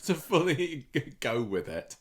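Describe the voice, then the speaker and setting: A man's voice: mid-range voice, sing-song, unhurried. A man co-hosting a podcast, casually and wryly picking apart a soap opera storyline. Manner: wry and critical, laughs easily. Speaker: podcast co-host.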